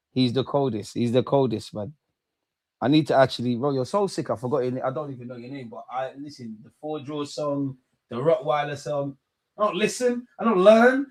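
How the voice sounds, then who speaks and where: A man's voice: on the high side, dry recording, studio quality. Slangy young English man chatting on stream. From England. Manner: slangy, animated, repeats phrases, swears. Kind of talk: casual live-stream chat reading viewer comments.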